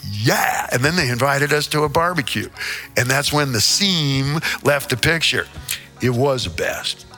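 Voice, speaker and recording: Flamboyant older man, very bright voice. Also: medium pitch, animated, unhurried, soft background music. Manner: flamboyant, theatrical, playful wordplay, swearing. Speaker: interview guest, rock singer. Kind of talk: casual storytelling interview.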